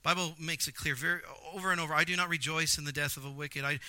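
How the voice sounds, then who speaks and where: A man preaching a sermon, animated, with jokey asides and emphatic repetition. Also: fairly high pitch, fast talker, no room sound. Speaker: pastor.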